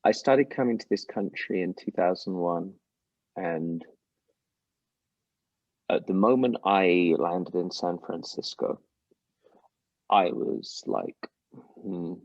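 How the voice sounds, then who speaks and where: A middle-aged man with an English accent, a musician guest telling stories with animated voice jumps. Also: slow, long pauses, no room sound, muffled recording. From England. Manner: animated storyteller, mimics voices with big pitch jumps. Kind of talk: casual interview over a call.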